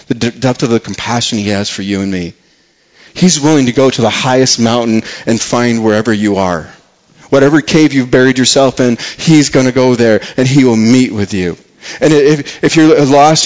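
A man preaching a sermon, impassioned, often repeating and restarting words, swinging between quiet and raised delivery. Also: mid-range voice, low-quality recording. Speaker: pastor.

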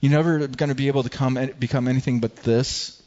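A male pastor preaching a sermon, animated and telling a personal story with frequent stammered restarts. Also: mid-range voice, fast talker, dull audio.

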